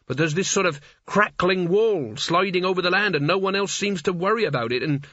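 Brief: man playing a blunt, urgent young apprentice, bright and husky, dull dry lo-fi recording. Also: high voice, animated, brisk, no echo, pitched above the performer's own voice, exaggerated voice.

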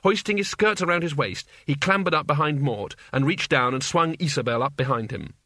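A man's voice: on the high side, a little fast, pushed and bright, no echo. A man narrating an audiobook in a dry, wry storytelling manner. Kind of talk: scripted narration.

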